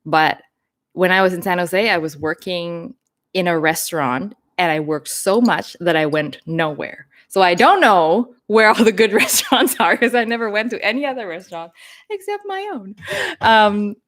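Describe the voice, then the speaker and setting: A woman's voice: medium pitch, moderate pace. A woman from Thailand with a North American accent, Thai her first language, chatting and laughing as host of a live Q&A. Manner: chatty, laughing, lively storytelling. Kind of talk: live Q&A chat.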